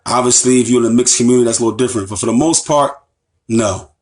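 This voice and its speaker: An American man delivers an impassioned lecture as an Islamic teacher, speaking quickly with a medium-pitched voice. He is emphatic, repeats phrases, and puts rhetorical questions to his listeners.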